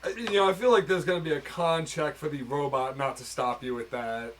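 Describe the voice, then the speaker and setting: A man's voice: fairly high pitch, brisk, fairly bright tone, slight background noise. A man playing in a tabletop game, wry and amused. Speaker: player. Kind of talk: casual chat at a game table.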